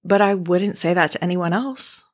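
Woman podcast host, soft lowish voice, gentle and encouraging, mouth kinda dry, clears her throat now and then. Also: normal speed. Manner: gentle, encouraging, speaking directly to the listener. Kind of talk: faith-based podcast monologue.

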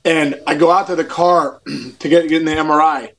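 High-voiced man rambling through a story. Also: fairly even intonation, moderate pace, a bit bright. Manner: rambling, many restarts and "like"s, says "dude". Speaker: podcast co-host, former baseball player. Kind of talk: casual chat, storytelling.

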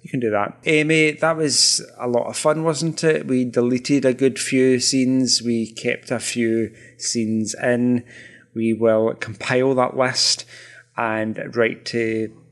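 A man's voice: mid-range voice, steady tone, slow. A man co-hosting a podcast in casual chat, wry and chatty, laughing easily. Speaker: podcast co-host.

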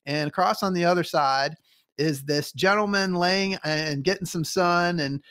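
A man's voice: sits high, a little slow, fairly bright tone, clear, resonant tone. A man hosting a podcast interview, telling a story eagerly and acting out the voices of people he quotes. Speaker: podcast host.

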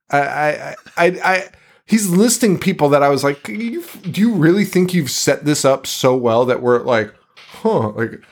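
A man co-hosting a podcast, recapping a movie in casual, profane, exasperated rants. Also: medium pitch. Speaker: podcast co-host.

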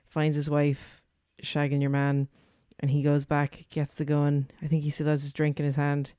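A man's voice: on the high side, monotone, moderate pace, mellow, smooth, no room sound, studio quality. A man co-hosting a podcast, eagerly retelling film trivia and scenes step by step. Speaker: podcast co-host. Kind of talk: casual film chat.

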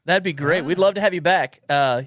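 A man's voice: a little high, brisk, fairly bright tone, no echo, studio quality. Teasing man hosting a podcast. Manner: joking, teasing, stammering restarts. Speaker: podcast host. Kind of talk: casual podcast chat.

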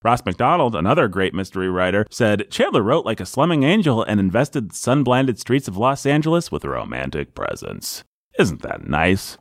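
Brief: playful male podcast host, high-ish voice with wild swings in pitch, dry close sound. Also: dry recording. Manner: goofy, jumps from high excited bursts to deep low voices. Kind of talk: playful casual chat.

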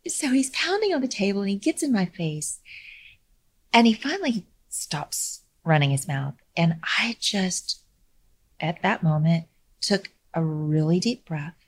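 A middle-aged woman hosting a podcast, telling a story in a calm, measured way that sinks to a near-whisper for emphasis, with light laughs. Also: fairly low pitch. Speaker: podcast host. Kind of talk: reflective storytelling monologue.

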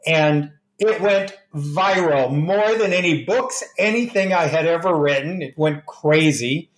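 Guy guest telling stories, kinda high voice, roomy echo on him. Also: unhurried. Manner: animated anecdotes, acts out quoted dialogue. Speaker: grief expert and author. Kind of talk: interview conversation, storytelling.

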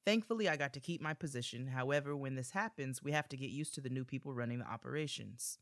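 A young woman co-hosting a podcast in casual chat, animated and playful as she reads listener letters aloud and comments on them. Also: very deep voice, fast, no room sound, clean studio sound. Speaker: podcast co-host.

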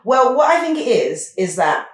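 A woman's voice: fairly high pitch, very animated, moderate pace. A young woman from London with a London accent, chatting casually as a podcast guest and laughing often. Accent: London English. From London, England. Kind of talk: casual chat. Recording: roomy echo.

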